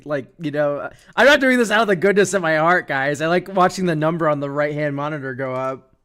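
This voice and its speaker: A man's voice: fairly high pitch, brisk, a bit bright, clear, resonant tone. A young man streaming, chatting casually in a rambling, sarcastic way and laughing often. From United States. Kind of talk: casual chat.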